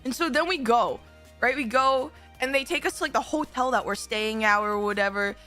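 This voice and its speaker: A young woman streamer telling a rambling, animated story on stream, swearing casually and stopping to act out what people said. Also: fairly high pitch, moderate pace, faint music behind. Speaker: VTuber streamer.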